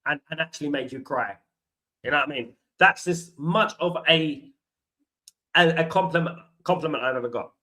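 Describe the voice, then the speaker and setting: Chatty man, bright voice. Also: a little high, moderate pace, low-quality recording. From London. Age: 40s. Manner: chatty storytelling, addresses viewers as guys and mate. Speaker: host of a football fan watchalong. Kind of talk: casual live-stream chat.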